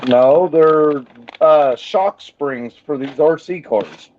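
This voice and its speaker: Slow, laid-back man on a muffled call. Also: fairly high pitch, slight background noise. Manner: laid-back, blunt, swears casually. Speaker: guest. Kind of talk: casual chat. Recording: dull lo-fi call audio.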